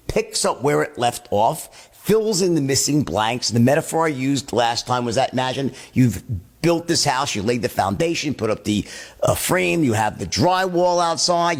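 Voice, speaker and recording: A man teaching a sales lesson, switching in and out of both sides of a sales call as he explains it. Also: mid-range voice. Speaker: sales trainer.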